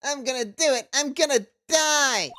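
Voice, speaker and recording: A woman voicing a melodramatic, whiny young man in a video game, wailing in a high voice. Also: moderate pace, a bit bright, slight background noise. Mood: despairing.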